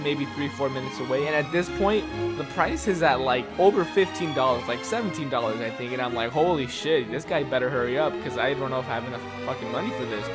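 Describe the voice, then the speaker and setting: A man telling a personal story in a casual, exasperated rant full of swearing. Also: a little high. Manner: exasperated, profane ranting.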